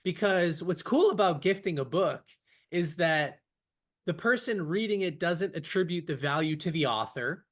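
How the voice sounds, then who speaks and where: A man's voice: fairly high pitch, lively intonation, moderate pace, fairly bright tone. A young man hosting a podcast over a video call, speaking in an enthusiastic, upbeat way as he tells stories. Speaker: podcast host. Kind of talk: casual podcast interview.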